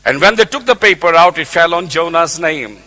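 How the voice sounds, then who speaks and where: A man's voice: on the high side, expressive, normal speed, sharp tone. A man preaching a sermon, emphatic and repeating his key points.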